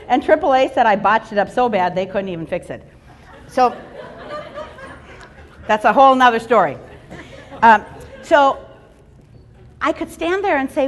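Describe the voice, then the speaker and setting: A middle-aged woman speaking on stage to a live audience in a large room, her voice sitting a little high. She is animated and playful, acting out voices as she makes her points. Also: normal speed. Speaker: fundraising speaker. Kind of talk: motivational keynote talk.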